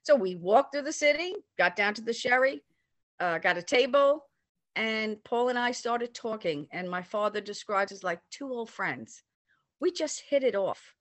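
Older woman telling a lively anecdote. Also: fairly high pitch, unhurried, dry recording. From New York area. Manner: animated, acts out quoted voices. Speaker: storyteller recounting a personal memory. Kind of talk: casual anecdote.

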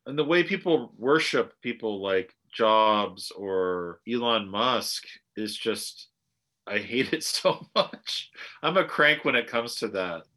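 A man from the United States co-hosting a podcast, talking in an animated, opinionated way with frequent restarts. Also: fairly low pitch, slow pace. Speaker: podcast co-host. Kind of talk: casual conversational commentary.

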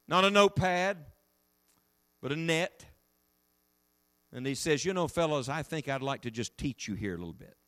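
A middle-aged man preaching a sermon in an animated, emphatic way, voice rising and falling. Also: on the high side, no echo, studio quality.

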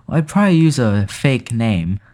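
A man's voice: mid-range voice, very animated, normal speed, darkish tone. A man playing a tabletop game, speaking hesitantly and cautiously. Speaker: player.

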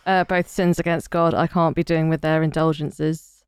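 A woman co-hosting a podcast, asking questions and joking in quick banter. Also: deep voice, flat delivery, smooth, no room sound, studio quality. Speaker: podcast co-host. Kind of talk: casual podcast chat.

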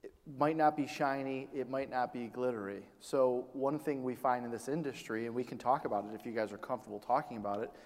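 A male host asking questions in an interview, energetic and often rephrasing himself. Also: mid-range voice, fairly quick, long reverb tail.

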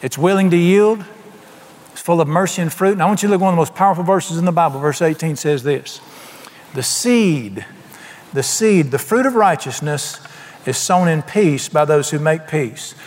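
A man's voice: a little high, fairly quick, darkish tone, in a large hall. An older man preaching a folksy, emphatic sermon, asking the congregation questions. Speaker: pastor.

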